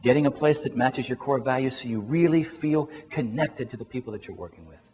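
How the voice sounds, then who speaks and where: A man's voice: medium pitch, fairly quick. Male career coach, motivational storyteller, chuckles often, long hall reverb. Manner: lively storyteller, chuckles through his own anecdote.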